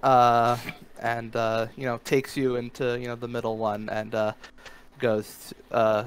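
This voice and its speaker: A man narrating a tabletop game as game master, halting and full of fillers. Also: medium pitch, level tone, slight background noise, rough recording. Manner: halting, full of "uh" and "you know".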